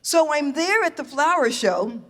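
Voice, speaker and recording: A woman from the United States telling a true story live on stage, animated, laughing and acting out her own reactions. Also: sits high, a little slow, big-room sound. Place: stage in a venue.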